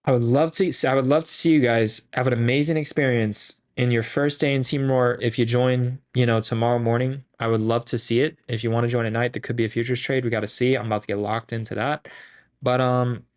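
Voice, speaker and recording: A man's voice: medium pitch, brisk. Hyped up guy bragging about trades, swearing nonstop and rambling, plain middle voice. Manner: profane, boastful, rambling and excitable. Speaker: stock trading group host. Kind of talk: hyped casual trading recap.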